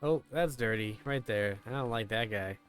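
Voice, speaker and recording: A man's voice: lowish voice, moderate pace, a bit bright, clean tone, faint music behind. A man streaming a game, making offhand, joking asides as casual commentary.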